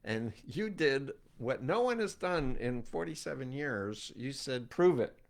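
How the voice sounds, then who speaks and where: An older man hosting a conversational interview, talking about his work and telling stories in an animated way. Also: medium pitch, measured pace, gravelly. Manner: animated storytelling, acts out quoted voices. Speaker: host, cult expert.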